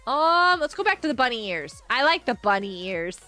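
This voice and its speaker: Woman, high voice, very animated, casual gameplay chat, excitable. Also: normal speed, soft background music. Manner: excitable, gasping and laughing often. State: sleepy, yawning. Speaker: gaming livestreamer.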